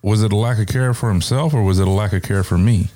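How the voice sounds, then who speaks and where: A man speaks in a measured, reflective way and swears casually now and then. His voice is very deep and has a warm, dark tone. He sounds relaxed and conversational.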